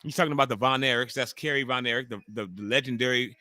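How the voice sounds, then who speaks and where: A man's voice: medium pitch, fast talker, bright, forceful tone, no room sound. Young guy riffing on a live watch-along, loose and jokey, dry close mic. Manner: loose, joking, talks to chat viewers by name. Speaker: livestream host.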